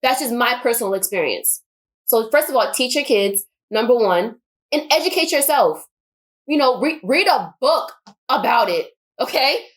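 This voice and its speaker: A woman's voice: fairly high pitch, animated, moderate pace. A woman giving an impassioned personal monologue, emphatic and repeating her points for force. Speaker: vlogger.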